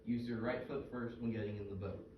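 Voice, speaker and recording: A man's voice: medium pitch, steady tone, a little fast, highs cut off, natural voice. An actor playing Mike, a chatty middle-aged fisherman who tells jokes and fish trivia in a comedy skit. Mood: folksy. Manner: folksy, joke-telling, full of trivia. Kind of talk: scripted comedic dialogue. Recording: roomy, distant, noisy stage recording.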